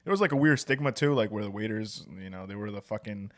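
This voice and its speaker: A young man hosting a podcast, telling animated, profanity-laced work stories in casual chat, calling his friend "bro". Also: on the low side, fast talker, no echo, clean studio sound. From New York. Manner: profane, storytelling, says "bro" a lot. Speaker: podcast host.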